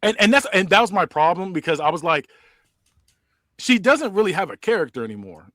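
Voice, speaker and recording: A man's voice: sits high, brisk, dry recording, studio quality. A man hosting a podcast, chatting casually and narrating a made-up wrestling show. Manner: relaxed, chatty, many fillers. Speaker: podcast host. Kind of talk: casual chat and story narration.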